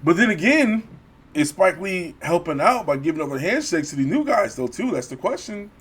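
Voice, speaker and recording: A man's voice: high-pitched, very animated, moderate pace, fairly bright tone, slightly rough. A middle-aged man co-hosting a podcast, talking casually and profanely, often acting out quoted voices. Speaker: podcast co-host. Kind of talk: casual chat.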